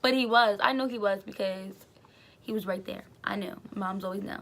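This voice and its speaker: A woman's voice: medium pitch, normal speed, a bit bright. A young woman telling a casual story as a vlogger, chatty with lots of fillers.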